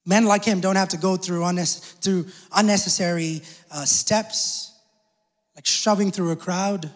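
A male pastor preaching a sermon, calling out to the congregation and quietly acting out the people in the story. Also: sits high. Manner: preaching with call-outs to the congregation; acts out the people in the story in hushed asides. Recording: long hall reverb.

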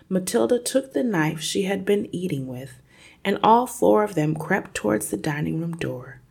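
A woman's voice: lowish voice, gravelly, slightly rough. A woman reading a children's novel aloud expressively, then posing study questions. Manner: expressive, slow and careful. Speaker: storyteller and reading teacher.

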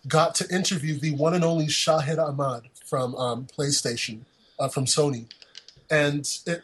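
A man's voice: a little high, breathy edge, rough recording. A man hosting a podcast in casual chat, rambling and jokey with lots of fillers. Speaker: podcast host.

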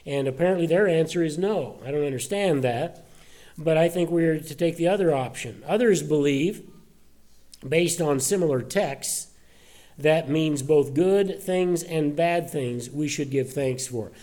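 A male pastor in mid-sermon, speaking to a church congregation in an earnest, conversational way. His voice sits a little high but sounds warm and mellow. He often stops on an uh and starts his sentences over. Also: unhurried. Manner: earnest, conversational, many uh fillers and restarts. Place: church service.

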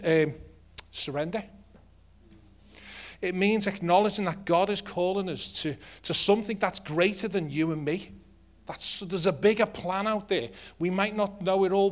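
A middle-aged man with an English accent preaching a sermon to his church in a lively, joking, conversational way. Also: on the high side.

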